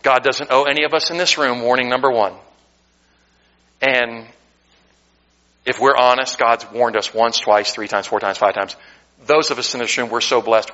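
A man's voice: mid-range voice, bright, forceful tone, dull audio. A man from the United States, a pastor preaching a sermon in a church sanctuary, fervent, with self-deprecating joking asides.

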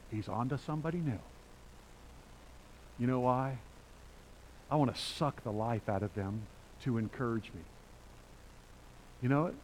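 A man preaches to his congregation in a conversational, emphatic way, breaking into loud bursts. His voice sits in a middle pitch. A faint hiss runs under the recording. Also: low-quality recording. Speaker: pastor. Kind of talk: sermon.

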